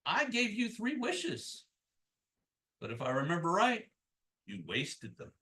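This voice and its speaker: A man's voice: high-pitched, wildly swooping pitch, pushed and bright, recorded from a distance, full character voice. A man doing a stern old saint at the gates. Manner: stern, scolding, measured. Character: stern old male saint at heaven's gate.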